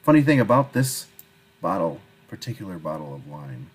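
A man co-hosting a casual podcast, dry and laughing often, with halting restarts. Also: deep voice, very animated, slight background noise. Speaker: podcast co-host. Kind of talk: casual chat over drinks.

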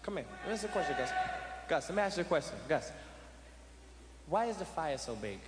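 A man playing a drunk, belligerent middle-aged father loudly claiming his house at a family cookout. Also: a little high, very animated, fast talker. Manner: slurring, loud, profane, repetitive. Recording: echoey hall with audience noise.

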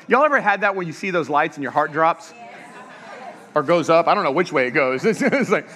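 A pastor preaches a sermon in a church sanctuary, telling humorous stories and tossing questions to the congregation to draw them in. His voice is on the high side, brisk, bright and forceful with lively intonation, and the hall is echoey.

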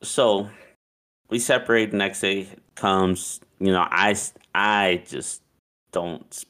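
A man's voice: sits low, fairly even intonation, takes it slowly, pushed and bright. A young man casually telling a story, loose and profane, with "like" in nearly every line. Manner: loose and profane, heavy use of "like".

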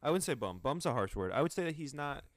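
A man co-hosting a podcast, giving relaxed opinions and often hedging what he says. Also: medium pitch, fast, no room sound, clean studio sound. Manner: laid-back, hedging opinions. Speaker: podcast co-host. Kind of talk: casual chat.

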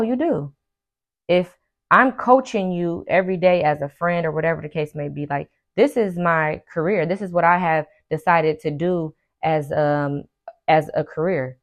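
A woman hosting a podcast, giving casual motivational advice in an emphatic, preachy way, repeating her key phrases and acting out what her friends say. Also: on the low side. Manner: acts out friends' lines in quick asides. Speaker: podcast host and life coach.

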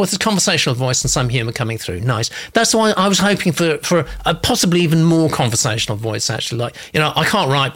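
A man's voice: medium pitch, gravelly, a bit bright. A man hosting a casual live stream, reading out viewer comments and reacting in a chatty way with frequent laughs.

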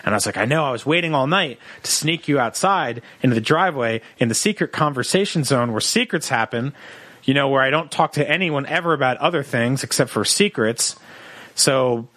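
A young man on a comedy podcast, telling a long personal story in an animated, joking way and acting out the people in it. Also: mid-range voice, a little fast, no echo. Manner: animated storyteller, acts out quoted voices. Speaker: podcast co-host.

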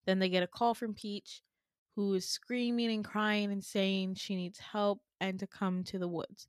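Animated young woman retelling a dream. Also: mid-range voice, unhurried, dry recording, clean studio sound. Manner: animated, swearing, laughing asides. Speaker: podcast host. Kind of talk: casual storytelling.

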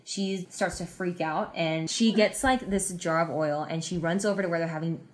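A young woman speaks as a guest on a casual faith podcast and retells stories with earnest warmth. Her voice sits slightly low for a woman, and she keeps the talk relaxed and chatty. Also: normal speed. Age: young adult. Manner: earnest storytelling, retells Bible stories with acted quotes.

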